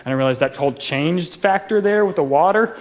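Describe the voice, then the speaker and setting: Chatty joking pastor, high voice. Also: male voice, a little fast. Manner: casual and joking, tells personal stories. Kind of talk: sermon. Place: church auditorium, live service. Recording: long reverb of a large church hall.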